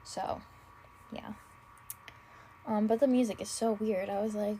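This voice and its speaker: Slightly high-pitched and dark in tone, a tired young woman speaks slowly, with fairly even intonation and frequent pauses. On her casual solo podcast she rambles, swears freely, says "like" in nearly every phrase, and gushes with self-admitted drama, over poor audio with a little hiss or hum.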